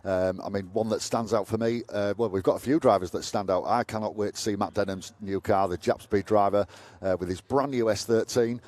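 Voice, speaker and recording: A man co-commentating live at a motorsport event, relaxed and hesitant. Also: lowish voice, brisk. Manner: relaxed, lots of "uh" fillers.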